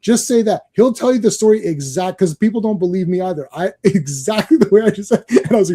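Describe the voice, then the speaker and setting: A middle-aged podcast co-host with a high, slightly breathy voice talks fast and barely pauses. In casual conversation he animatedly tells rambling stories and laughs frequently.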